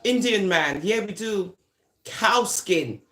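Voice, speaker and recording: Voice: mid-range voice, animated, sharp tone, faint music behind. A speaker from Jamaica, delivering a teasing, taunting comic monologue and drawing words out. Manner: teasing, sing-song, drawn-out words.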